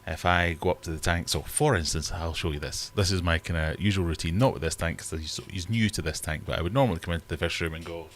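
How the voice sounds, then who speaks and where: Man, livestream host, casual chat, rambling, self-deprecating, very low voice, faint background hum. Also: quick pace, few pauses, a bit bright. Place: fish room in his home.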